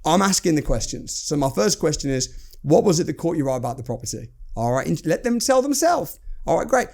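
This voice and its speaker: A man's voice: on the high side, big pitch swings, brisk, creaky, a little mellow. A man, a guest on a podcast, talking bluntly and animatedly about sales and acting out calls. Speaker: entrepreneur guest. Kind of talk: casual podcast conversation.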